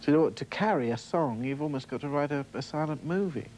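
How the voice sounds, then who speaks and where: A man talking casually as an interview guest, a singer-songwriter explaining how he performs his songs in a relaxed way. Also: on the high side, fairly quick, a little hiss or hum.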